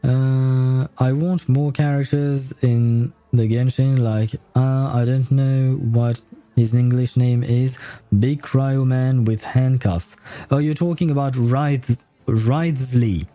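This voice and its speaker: Faint game music plays behind a French-native man doing let's-play commentary. Mellow and steady at a medium pitch, he speaks slowly, sounding chatty and amused as he nitpicks details.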